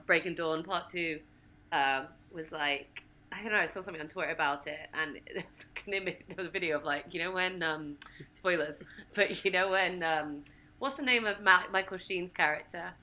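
A woman's voice: lowish voice, normal speed, pushed and bright. A woman co-hosting a film podcast in casual chat, rambling a little and giggling as she talks. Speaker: podcast co-host and interviewer.

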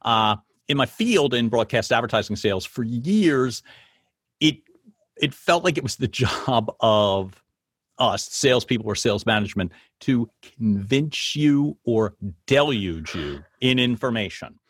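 A man's voice: mid-range voice, animated, unhurried, breathy edge, no room sound, clean studio sound. A man hosting an interview, talking in an enthusiastic, rambling and affirming way. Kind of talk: conversational interview.

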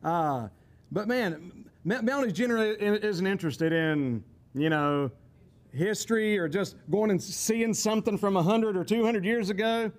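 A man's voice: sits high, normal speed. A man giving a casual, folksy teaching talk, rambling with chuckling asides. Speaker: teacher on temperaments.

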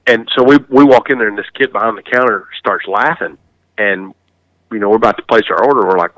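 A man's voice: lowish voice, fast, a bit bright, dry recording, highs cut off. A man hosting a hunting podcast, chatting casually and telling stories with frequent laughs and restarts. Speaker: podcast host. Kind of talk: casual chat.

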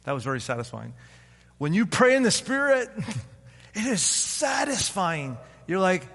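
A man's voice: high voice, big pitch swings, a little slow, fairly bright tone, big-room sound. A man in his fifties, a pastor preaching an informal, conversational sermon and acting out other people's voices. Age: 50s. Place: church sanctuary.

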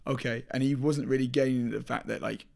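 A man's voice: mid-range voice, steady tone, brisk, creaky, a little mellow. A man co-hosting a podcast in casual chat, probing with question after question. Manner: probing, keeps asking questions. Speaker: podcast co-host.

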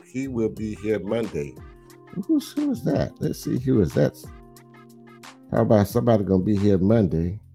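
A man hosting a casual livestream, teasing and drawling as he talks football smack with viewers. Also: fairly low pitch. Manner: animated, teasing, drawling, repeats himself. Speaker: livestream host.

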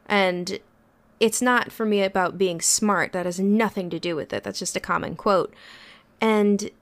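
A woman therapist talking in a relaxed, reflective way on a podcast, searching for her words with frequent pauses. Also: mid-range voice. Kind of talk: casual reflective podcast talk.

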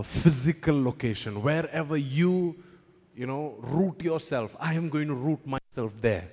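A man's voice: medium pitch, a little mellow. A man preaching a sermon in a conversational, emphatic way, often repeating words and slipping in teasing asides. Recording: long reverb of a large hall.

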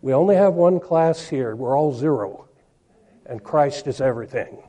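A man's voice: medium pitch, lively intonation, dark tone. A man preaching a sermon, reading verses aloud and stressing key words with emphasis. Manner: slow, emphatic, reads scripture aloud.

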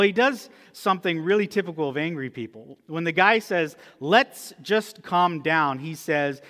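A man's voice: sits high, bright, forceful tone. A male pastor preaching a sermon in a conversational, emphatic teaching manner. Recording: long reverb of a church hall.

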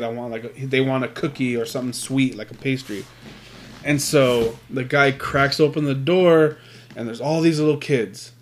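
A man telling crude stories in casual, profanity-laced chat with a friend. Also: mid-range voice. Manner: profane, animated storytelling.

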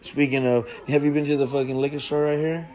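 A man's voice: fairly high pitch, fairly even intonation, fast talker, darkish tone, faint music behind. Laid-back slangy man chatting. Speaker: podcast host. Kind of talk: casual chat.

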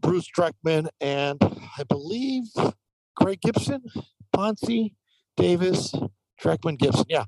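A man who works as a professional baseball umpire, telling lively stories in a casual interview with many fillers. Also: fairly high pitch, slow, dry recording, rough recording. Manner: animated anecdotal telling, frequent fillers.

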